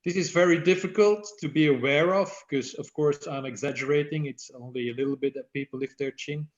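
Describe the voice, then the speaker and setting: A man's voice: a little high, brisk. A man giving an online workshop for badminton umpires, explaining and demonstrating how to use the voice. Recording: echoey, dull lo-fi audio.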